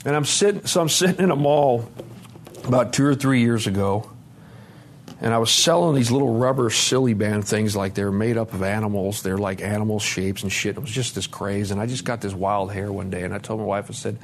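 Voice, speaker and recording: A man in his forties giving a recovery testimony at a conference, storytelling in a lively, profane way, swinging from loud to soft. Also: on the low side, fairly quick, a little hiss or hum. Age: 40s. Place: conference hall talk.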